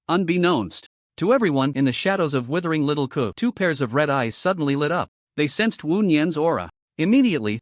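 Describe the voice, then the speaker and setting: A man narrating a story recap in a steady storytelling manner. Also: fairly high pitch, no room sound, clean studio sound. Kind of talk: scripted narration.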